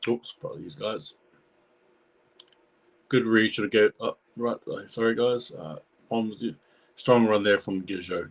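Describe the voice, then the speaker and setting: Talking to his viewers during a rugby league match, this man reacts live in a chatty, excitable way. His voice is lowish and gravelly, measured in pace, with frequent pauses.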